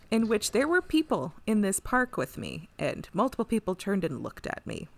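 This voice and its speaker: A woman co-hosting a casual podcast, talking through an episode in a loose, rambling way. Her pitch swoops widely, and she laughs and swears often. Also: sing-song, takes it slowly, gravelly. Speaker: podcast co-host. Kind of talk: casual chat recapping an episode.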